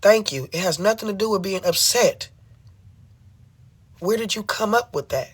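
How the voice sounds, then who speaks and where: A speaker at a middling pitch pours out an emotional rant to a livestream audience. The delivery is confrontational and full of rhetorical questions. Phrases come back again and again for emphasis, with plenty of swearing. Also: lively intonation, moderate pace, breathy edge. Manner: swearing, impassioned.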